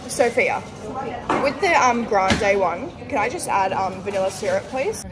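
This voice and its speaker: A woman's voice: mid-range voice, lively intonation, a little slow. A young woman vlogging into her phone in a chatty, casual way, swearing freely. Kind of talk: casual vlog chat. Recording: noisy phone recording.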